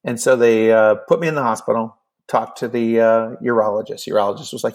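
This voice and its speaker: Gravelly man in his fifties telling a story. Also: lowish voice, brisk. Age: 50s. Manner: animated, acts out dialogue with many fillers. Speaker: podcast guest. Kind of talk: casual storytelling.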